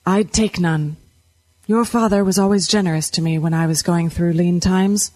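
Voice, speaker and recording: A woman's voice: fairly low pitch, fairly even intonation, moderate pace, darkish tone, dry recording, lightly acted. A woman voicing a plump, jovial, stubborn middle-aged wheelwright with folksy, old-fashioned rural speech. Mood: genial.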